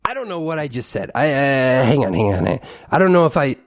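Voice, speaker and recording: A man's voice: medium pitch, a little fast. A man hosting a podcast in a casual, rambling monologue, ranting and mocking himself. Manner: animated, self-mocking ranting. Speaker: podcast host.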